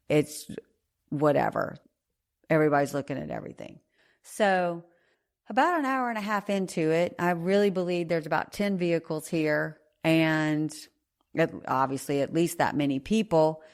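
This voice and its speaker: A woman podcast host casually retelling a personal story in a rambling, animated way. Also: deep voice.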